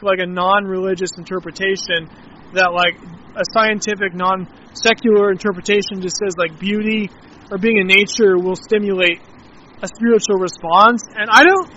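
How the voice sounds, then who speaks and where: A man's voice: sits high, pushed and bright, dull audio, a little hiss or hum. A man talking casually outdoors, rambling and reflective, with many filler words. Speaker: interviewee.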